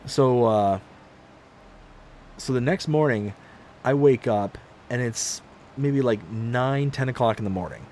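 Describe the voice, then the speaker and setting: A man's voice: mid-range voice, slow, long pauses, a little hiss or hum. A man hosting a livestream, telling a long personal story in casual chat and acting out the voices of the people in it. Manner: animated, acts out quoted voices. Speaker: livestream host.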